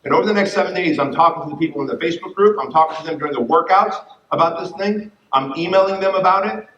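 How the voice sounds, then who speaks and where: Profane, animated man speaking in a hall. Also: high voice, fast talker. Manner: animated, profane, acts out quoted voices. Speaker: fitness business speaker. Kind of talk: energetic conference keynote. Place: conference hall with audience. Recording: distant, roomy, dull room mic.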